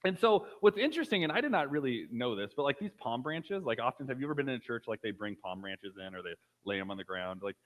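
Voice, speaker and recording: A man's voice: medium pitch, lively intonation, quick pace, few pauses, poor audio. A man in his thirties giving a casual, conversational sermon, telling a personal story with frequent fillers. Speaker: pastor.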